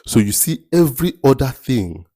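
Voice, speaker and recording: A man's voice: medium pitch, sing-song, moderate pace, mellow, no echo. A man giving a motivational talk as a mentor, emphatic and rhetorical, repeating his key phrases. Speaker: mentor giving life advice.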